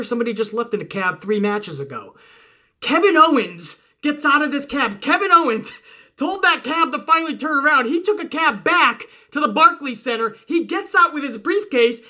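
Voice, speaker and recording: Host-type male, bright forceful voice, cursing through hype play-by-play of his dream match. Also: extremely high pitch. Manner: excited, swearing storyteller narrating moves blow by blow. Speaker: wrestling show host. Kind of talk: profane fantasy-booking play-by-play.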